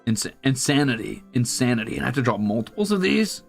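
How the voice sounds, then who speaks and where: A man's voice: mid-range voice, very animated, quick pace, gravelly, faint music behind. A man streaming while he draws, chatting casually and rambling, muttering to himself and teasing his cat. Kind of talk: casual chat while drawing.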